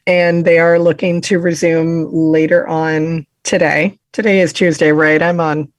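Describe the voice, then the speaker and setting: A woman with a lowish voice co-hosts a true-crime podcast, summing up the case in a chatty way and laughing at herself. The sound is dry and close, with no room echo. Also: level tone, measured pace. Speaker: podcast co-host. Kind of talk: casual true-crime discussion.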